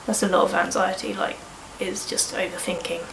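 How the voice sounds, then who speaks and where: A woman in her early 20s, sniffly with a cold, delivers a candid, wandering vlog sprinkled with casual swearing. Her voice is on the low side and fairly bright, with vocal fry, a level tone, and moderate pace. The rough recording sounds roomy with slight background noise.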